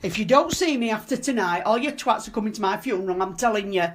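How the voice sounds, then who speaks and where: A frightened woman, filming herself alone in a dark house at night, pleading and swearing under her breath. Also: mid-range voice, animated, fast talker, slight background noise. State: scared. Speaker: cleaner alone in a supposedly haunted house. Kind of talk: filming herself, talking to viewers and to a ghost.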